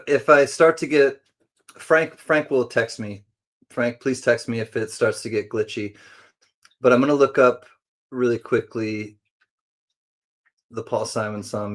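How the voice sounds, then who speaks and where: A man's voice: medium pitch, fairly even intonation, moderate pace, long pauses. A man hosting a casual livestream, chatting playfully with viewers, greeting them by name and laughing often. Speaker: livestream host.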